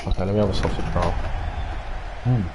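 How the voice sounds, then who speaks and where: A man's voice: sits low, a little fast, noisy background. A nineteen-year-old British man live-streaming, casually chatting, answering viewers by name and swearing and grumbling as he plays. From United Kingdom. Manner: swears and grumbles while playing.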